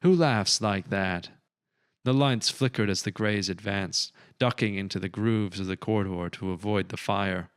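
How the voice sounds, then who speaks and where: A male audiobook narrator who reads with steady, measured storytelling. His low voice is smooth and resonant. The sound is dry and close, with no room around it. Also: no echo. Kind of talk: scripted narration.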